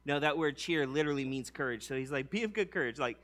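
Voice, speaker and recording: A man preaching a casual sermon, slangy and conversational, telling the story with animated acted-out bits. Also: medium pitch, fast.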